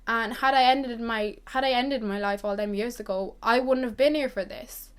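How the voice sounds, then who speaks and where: A woman's voice: on the high side, moderate pace, smooth. A twenty-year-old woman giving an earnest, reassuring pep talk to camera, repeating herself for emphasis. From Ireland. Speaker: vlogger.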